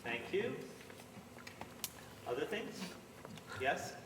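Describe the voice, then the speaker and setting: A man's voice: on the high side, very animated, very slow. Man directing a rehearsal in an echoey hall. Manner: earnest, coaching, lecturing. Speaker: theater director and teacher. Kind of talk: rehearsal instructions. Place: school theater hall. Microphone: distant camera mic. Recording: echoey hall, far off, noisy.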